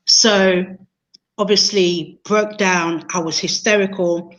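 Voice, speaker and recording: A woman's voice: fairly low pitch, fairly even intonation, measured pace, rough recording. A woman, an interview guest telling a personal story in an earnest, emotional way, often repeating herself. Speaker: interview guest, training consultant.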